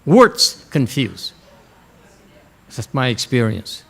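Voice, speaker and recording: A man teaching Chan meditation to students in a Dharma lecture, blunt and direct, often pausing to check in. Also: fairly high pitch, very animated, a bit bright. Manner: blunt, frequently checks in with "Okay?".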